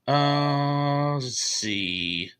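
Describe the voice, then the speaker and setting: A man's voice: fairly high pitch, expressive, drawn-out words, a bit bright, clear, resonant tone. Chatty American man hosting a live chat. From United States. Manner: chatty, rambling anecdotes with fillers and chuckles. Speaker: live stream host. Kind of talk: casual live chat reading comments.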